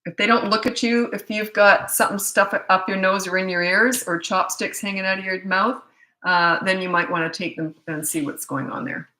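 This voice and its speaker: Here the same kind of speaker, a middle-aged woman coaching parents, has a lowish, pushed, bright voice. She responds to viewer questions in a rambling, talkative style, often breaking off to restart a sentence, and the recording carries a roomy echo.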